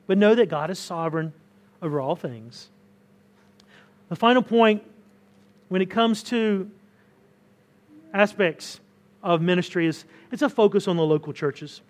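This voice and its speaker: This pastor's voice sits high, with lively intonation and an unhurried pace broken by long pauses. Preaching conversationally to the congregation in a church hall, he keeps restarting words and pushes his points with rising emphasis.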